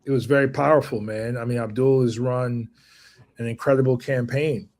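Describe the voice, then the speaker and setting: A man hosting a casual chat, relaxed and loose, often restarting his sentences. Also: mid-range voice, normal speed. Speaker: host.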